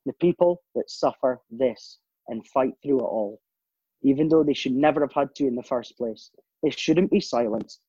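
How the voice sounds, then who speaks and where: A man's voice: medium pitch, moderate pace, warm tone, husky, no echo, muffled recording. A man giving an earnest, emphatic personal monologue as host, with profanity and stumbles.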